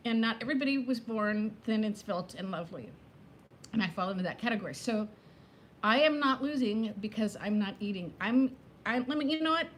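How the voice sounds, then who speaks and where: A woman's voice: fairly high pitch, slight background noise. Chatty woman in her fifties. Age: 50s. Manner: chatty, greets viewers by name, jumps between topics. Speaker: livestream host. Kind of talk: casual live chat with viewers.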